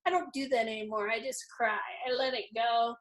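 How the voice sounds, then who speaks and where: A woman's voice: on the high side, steady tone, brisk. A middle-aged woman hosting a casual spiritual interview, effusive and openly emotional. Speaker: host.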